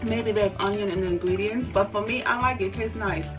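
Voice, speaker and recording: A woman's voice: mid-range voice, recorded from a distance. A middle-aged woman chats through a snack tasting, playful and full of enthusiasm. Her voice sits a little back from the mic, with music playing underneath. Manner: playful, enthusiastic, drawn-out approving hums. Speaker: mother taste-testing snacks. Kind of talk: casual taste-test chat.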